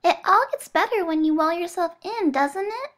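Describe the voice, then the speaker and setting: A woman's voice: very high voice, expressive, moderate pace, a bit bright, voice pushed up. A woman voicing a sweet but menacing young girl surgeon, coaxing in a sing-song way.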